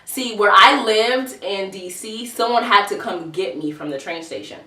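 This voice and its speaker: A woman's voice: medium pitch, normal speed, bright, forceful tone. A woman in her twenties telling a storytime vlog in a chatty, profane, slangy way. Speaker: vlogger. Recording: roomy echo, distant mic.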